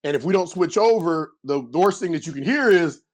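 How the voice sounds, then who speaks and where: A middle-aged man, a former pro football player, telling loose, rambling stories in a casual podcast interview and acting out yelling coaches. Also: on the high side, fairly quick. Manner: animated storyteller, acts out coaches yelling; loose, rambling with many restarts.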